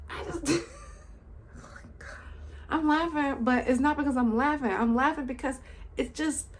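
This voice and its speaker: A woman's voice: sits high, normal speed. A woman hosting a commentary channel, ranting in an outraged, casual monologue full of exclaimed rhetorical questions and slang.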